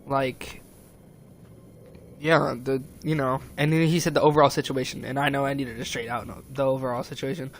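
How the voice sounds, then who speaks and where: A man's voice: mid-range voice, level tone, moderate pace, slight background noise. A young man in his teens, rambling and upset as he vents on a stream, swearing a lot. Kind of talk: casual venting monologue.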